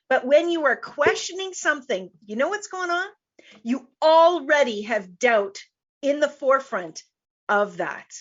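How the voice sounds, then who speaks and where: A woman's voice: a little high, a bit bright, highs cut off. A woman business coach hosting a live online show, speaking emphatically and repeating her key points. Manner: emphatic, repeats key phrases, laughs easily.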